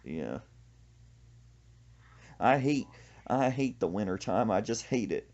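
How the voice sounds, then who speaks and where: A man's voice: lowish voice, big pitch swings, slow, darkish tone, highs cut off. Man telling comic stories. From Central Texas. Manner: storytelling with laughs and quoted voices. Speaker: podcast host. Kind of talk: comic casual chat.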